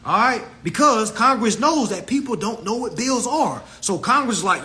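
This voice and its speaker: A man hosts an animated, profane and preachy talk about law, and mimics others in shrill voices. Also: normal speed, hardly any pauses, soft background music. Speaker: host. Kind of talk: livestream talk.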